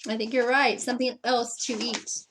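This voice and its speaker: Woman, high voice, teacher reading aloud, storybook, questions to children. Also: moderate pace, slight background noise. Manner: lively, questioning, with put-on character voices. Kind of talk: picture book read-aloud with questions to children.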